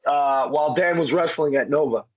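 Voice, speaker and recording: Rambling man with a high voice, dull dry sound. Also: moderate pace, dry recording. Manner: rambling, many fillers like "you know" and "like". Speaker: wrestler guest. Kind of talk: casual chat.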